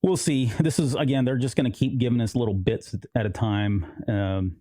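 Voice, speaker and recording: Mellow-voiced man chatting on a podcast. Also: medium pitch, fairly even intonation, a little fast, no echo, clean studio sound. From United States. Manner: rambling, quotes characters in voices. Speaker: podcast co-host. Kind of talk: casual chat.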